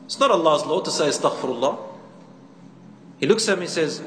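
A man's voice: on the high side, brisk, long pauses, a bit bright. A man, a teacher, giving a sermon, telling stories and asking his audience questions. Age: adult, a teacher. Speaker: preacher. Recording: echoey hall, faint ambience.

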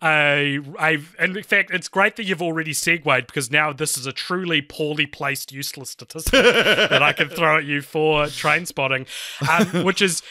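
A man's voice: fairly high pitch, sharp tone, no room sound. A man co-hosting a film podcast, talking in a rambling way with lots of fillers and restarts. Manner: rambling, many fillers and restarts, reads a review aloud fast. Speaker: podcast co-host. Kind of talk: casual chat.

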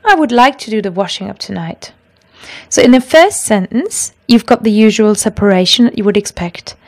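A woman teaching a language lesson, explaining grammar rules patiently and clearly and reading out example sentences. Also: medium pitch, lively intonation, moderate pace.

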